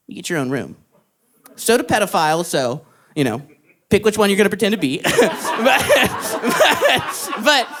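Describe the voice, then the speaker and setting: A young man doing stand-up, telling a story in an animated way, laughing along and jumping into loud put-on voices. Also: high-pitched. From Texas. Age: young adult. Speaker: stand-up comedian. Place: live comedy club stage.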